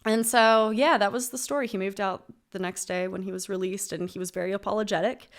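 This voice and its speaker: A young woman in her twenties sits in as a podcast guest and tells a story in a casual, animated way. She swears freely and laughs along with herself. Her pitch sits in the middle range for a woman. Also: brisk.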